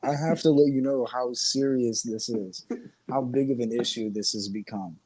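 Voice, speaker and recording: Husky-voiced man rambling crude jokes. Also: mid-range voice, moderate pace, dark tone, no room sound. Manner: rambling, profane, joking, laughs often. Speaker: podcast co-host. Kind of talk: crude casual chat.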